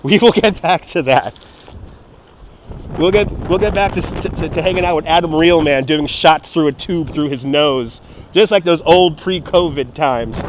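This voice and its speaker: A man's voice: fairly high pitch, a little hiss or hum. A man, livestreaming outdoors at an amusement park from a phone, chatting casually, cursing and laughing while reading viewer messages. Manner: rambling, profane, laughing, reads out viewer chat. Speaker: live streamer. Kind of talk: casual walking livestream chat. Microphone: phone on a handheld gimbal.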